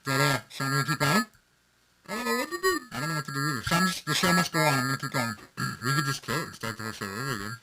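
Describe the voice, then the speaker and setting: A man's voice: mid-range voice, rapid-fire, gravelly, very noisy. A man co-hosting a casual beer podcast, joking and running himself down. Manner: jokey, self-deprecating banter. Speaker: podcast co-host.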